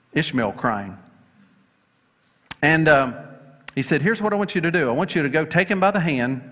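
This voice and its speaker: A man's voice: sits high, pushed and bright. A man preaching a sermon, retelling scripture with rhetorical questions and frequent fillers. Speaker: pastor. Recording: long reverb of a hall.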